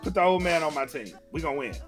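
A man's voice: on the high side, rapid-fire, soft background music. A man co-hosting a podcast in casual chat, boastful and joking, repeating his lines for laughs. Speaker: podcast co-host.

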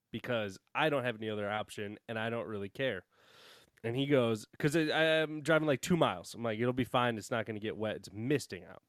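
A man's voice: mid-range voice, dry recording, studio quality. A man on a casual podcast telling a story with plenty of swearing and exasperation. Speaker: podcast co-host.

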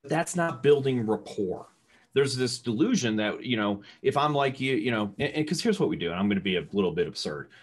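A middle-aged man with a loud voice, teaching real estate sales to a live audience in an energetic, conversational way and asking the room questions. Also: mid-range voice, a little fast, husky. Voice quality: loud talker.

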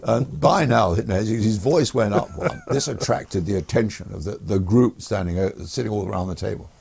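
A man's voice: lowish voice, normal speed, vocal fry, darkish tone, slightly rough. An older man, a former air force pilot, telling stories in an interview in a rambling, hesitant way. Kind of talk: anecdotal storytelling in a podcast interview.

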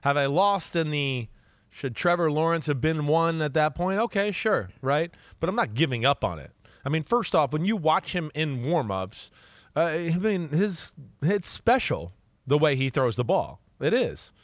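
On a casual football show he co-hosts, a man with a higher-pitched voice talks at normal speed, with no echo. The football analyst tells stories with energy, renders players' quotes in his own voice, and peppers his talk with "right?"

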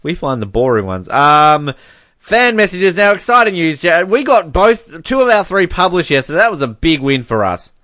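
A man's voice: on the high side, sing-song, moderate pace, bright, forceful tone, no room sound. A man co-hosting a podcast in casual chat, who laughs often while reading messages aloud. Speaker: podcast co-host.

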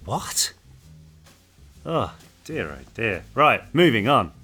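A man's voice: medium pitch, very animated, moderate pace, fairly bright tone. A man co-hosting a podcast, chatting casually and playfully and putting on silly voices now and then. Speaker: podcast co-host.

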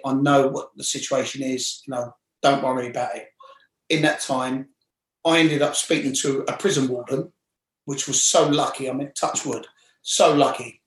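A man's voice: medium pitch, roomy sound, low-quality recording. A man in his forties with a London accent, a former footballer telling stories as an interview guest and acting out the people he quotes. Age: 40s. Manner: animated, acts out quoted voices. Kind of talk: casual storytelling.

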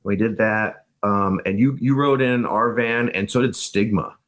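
A man's voice: fairly low pitch, unhurried, a bit bright. A man guesting on a podcast, telling rambling anecdotes and laughing often in casual chat. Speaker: guest, band frontman.

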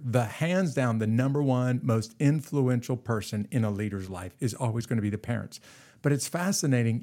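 A man's voice: medium pitch, dark tone. Friendly male podcast host. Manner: friendly, encouraging, backchannels often. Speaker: podcast host, leadership teacher. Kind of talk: casual interview.

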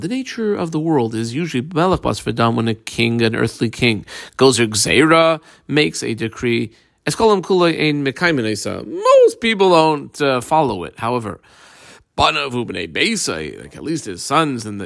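A man giving a casual Talmud lesson, reading the Aramaic text and translating it aloud with many pauses and fillers. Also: medium pitch, vocal fry, fairly bright tone, no echo. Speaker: Talmud teacher.

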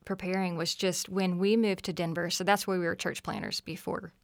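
An earnest woman in her forties tells family stories as a podcast guest, her voice sitting a little low. The sound is close and dry, with no room around it. She talks things through in a reflective way. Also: steady tone, a little fast, creaky, dry recording. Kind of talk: conversational storytelling.

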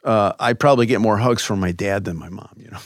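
A man from Chicago, a guest in an interview, telling stories in a loose, animated way with many fillers. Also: lowish voice, fast talker, dry recording, studio quality. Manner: animated, lots of "you know" fillers. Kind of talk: conversational interview storytelling.

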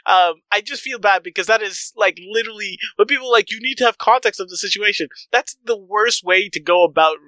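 Man from the Boston area, podcast co-host, high bright voice, skeptical casual chat. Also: fairly quick, few pauses, dry recording, poor audio. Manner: skeptical, talks with many "like" fillers. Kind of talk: casual true-crime chat.

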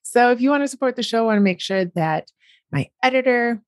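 A woman's voice: on the high side, expressive, a little fast, no room sound, clean studio sound. A woman from the United States hosting a podcast, chatting casually and laughing often. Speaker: podcast host.

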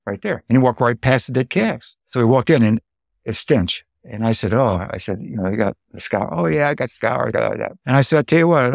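A middle-aged American man and dairy farmer, telling farm stories in a lively way, acting out what people said and making sound effects. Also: medium pitch, no room sound, studio quality. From United States. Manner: animated storyteller, acts out quotes and sound effects. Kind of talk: anecdotal storytelling.

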